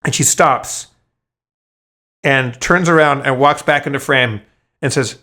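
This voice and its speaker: A man co-hosting a podcast, telling stories in casual chat, profane and animated, stumbling over his restarts. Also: medium pitch, a little slow, long pauses. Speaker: podcast co-host.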